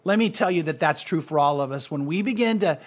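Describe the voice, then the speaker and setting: High-voiced man teaching a Bible lesson. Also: lively intonation, quick pace. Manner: earnest, speaks directly to listeners. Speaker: pastor.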